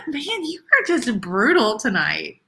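A chatty woman hosts a live stream, her voice bright and a touch high. Her pitch swings widely as she teases her co-hosts and reads out comments. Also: wildly swooping pitch, a little slow, gravelly. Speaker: co-host of live resale show. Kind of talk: casual live-stream chat.

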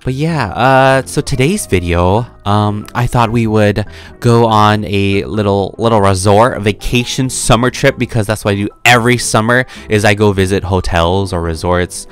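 A man's voice: on the low side, moderate pace, soft background music. A man hosting a gameplay video, chatting casually and playfully, with frequent gasps and laughs. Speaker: gaming video host.

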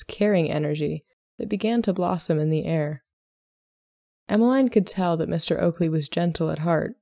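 A woman podcast host narrating a short story in a calm, measured way. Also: lowish voice, no room sound, clean studio sound. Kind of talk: scripted narration.

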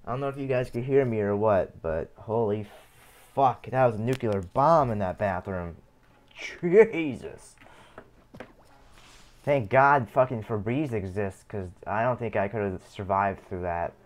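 A man's voice: fairly low pitch, normal speed. A man casually streaming a card game, swearing often and rambling in complaint. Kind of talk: casual live-stream commentary while gaming.

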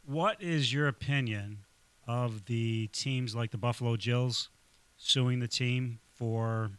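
A man's voice: medium pitch, takes it slowly, fairly bright tone, clear, resonant tone, no echo. A man asking a long, rambling question on a sports podcast. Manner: rambling, searching for words. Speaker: caller.

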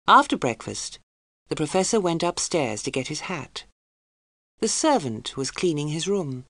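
A woman narrating a story for English learners in a slow, clear and expressive way. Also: deep voice, no room sound, studio quality.

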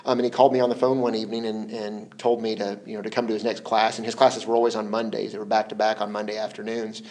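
A man as an interview guest, telling stories in a relaxed, hesitant way, repeating words and laughing often. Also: on the low side, fast. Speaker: interview guest, former translation collaborator. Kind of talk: relaxed conversational storytelling.

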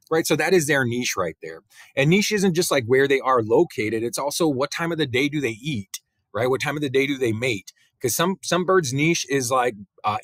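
A male teacher giving a relaxed biology lecture, talking through slides with many fillers and "right?" tags. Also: medium pitch, no room sound. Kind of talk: recorded classroom lecture.

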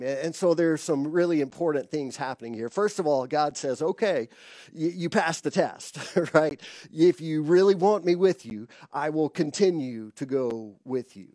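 A man's voice: fairly high pitch, normal speed, dark tone, dry recording, clean studio sound. A man preaching a conversational sermon, laughing now and then and acting out quoted dialogue. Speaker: pastor.

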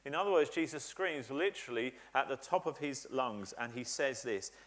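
A man preaches a church sermon in a mid-pitched voice. He talks earnestly and emphatically, stacking up repeated phrases to drive each point home. Frequent "uh" fillers break up his sentences. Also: animated, normal speed, a bit bright. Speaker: pastor.

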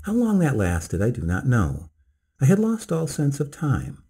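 Husky, mellow male storyteller. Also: medium pitch, huge pitch swings. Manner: slow, measured, dramatic first-person telling. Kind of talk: scripted narration of a bedtime story.

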